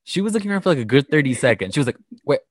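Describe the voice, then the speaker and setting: Man, podcast co-host, animated recap voice, dry close sound, acts out quotes. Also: a little high, racing, dry recording. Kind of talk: casual reality TV recap chat.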